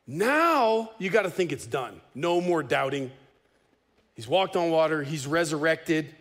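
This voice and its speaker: A man preaching a sermon as pastor, conversational and animated, with casual humor. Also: fairly high pitch, measured pace.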